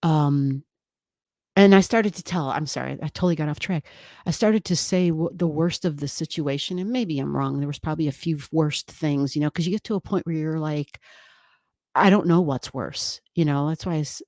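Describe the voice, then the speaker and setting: A woman hosts a casual livestream from home, her voice low and mellow. She rambles and restarts mid-thought, stopping to read viewer comments aloud. The sound is close and dry, with no room around it. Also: dry recording. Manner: rambling, halting, many restarts and fillers. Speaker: livestream host. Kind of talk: casual live-stream chat.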